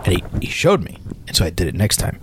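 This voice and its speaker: A man co-hosting a casual chat, telling an anecdote in a halting way, with many restarts and fillers. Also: low-pitched, sing-song, background noise. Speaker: podcast co-host.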